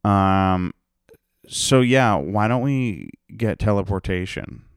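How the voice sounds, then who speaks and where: Young guy, low smooth voice, dry close sound; sarcastic, profane podcast host. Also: expressive, slow pace, no room sound. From Rhode Island, United States. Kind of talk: casual solo podcast rant.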